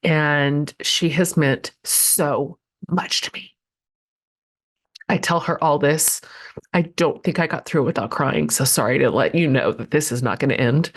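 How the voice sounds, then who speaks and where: A woman's voice: low voice, unhurried. A woman in her forties hosting a podcast, introducing her guest with gushing emotion and plenty of ums and restarts. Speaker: podcast host.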